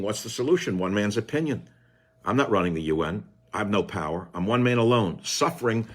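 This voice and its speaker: An older man with a low voice, hosting a radio talk show and delivering a combative, sarcastic political monologue that swings from low mutters to shouts. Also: husky.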